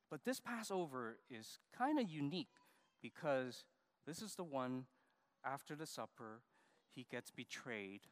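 A man leading a church service as pastor, giving a lively children's sermon and coaxing the kids to come forward. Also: mid-range voice. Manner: animated, coaxing, talks to kids. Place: church sanctuary.

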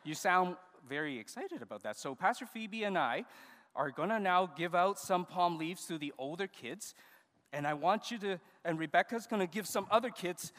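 A man pastor leading a children's service, giving animated, coaxing instructions to the kids. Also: sits high, moderate pace. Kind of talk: children's sermon with puppet skit. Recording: reverberant church hall.

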